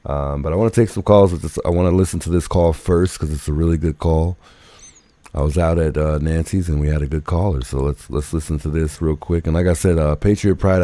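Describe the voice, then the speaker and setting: Fast-talking deep-voiced male streamer. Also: mellow, no room sound. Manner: rambling, repeats himself. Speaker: livestream host. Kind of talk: casual livestream chat.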